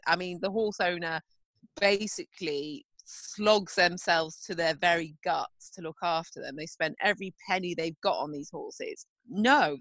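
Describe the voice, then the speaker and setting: A woman's voice: medium pitch, a bit bright, no echo. A woman in her thirties from England, co-hosting a podcast in casual chat, blunt and down-to-earth, swearing freely. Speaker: podcast co-host.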